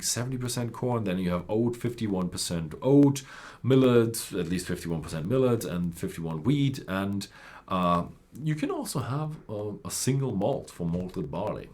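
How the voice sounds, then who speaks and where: A whisky presenter with a fairly low, slightly rough voice explains different types of whisky off the cuff. His talk rambles, packed with fillers and corrections of himself.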